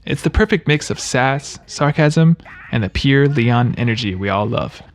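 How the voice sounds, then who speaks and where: A man's voice: mid-range voice, animated, normal speed. A man giving scripted video-game trivia narration, with wry, joking asides.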